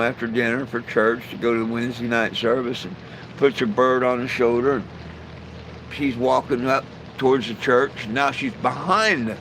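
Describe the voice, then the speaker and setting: A man's voice: medium pitch, fairly bright tone, slight background noise, rough recording. A man hosting a live stream, telling jokes in a folksy, rambling way with lots of "you know". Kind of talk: casual joke telling.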